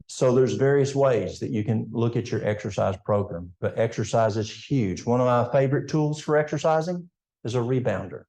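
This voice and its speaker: A man's voice: medium pitch, normal speed, mellow, reverberant. An older man with an East Tennessee Appalachian accent, giving a folksy health seminar talk in a church and addressing the audience directly. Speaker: health educator.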